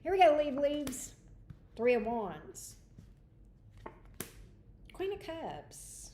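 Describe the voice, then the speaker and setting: A woman's voice: high-pitched, very animated, extremely slow, mellow, a little hiss or hum. A woman hosting a livestream tarot reading, chatty and greeting viewers by name. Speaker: tarot reader. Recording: echoey room.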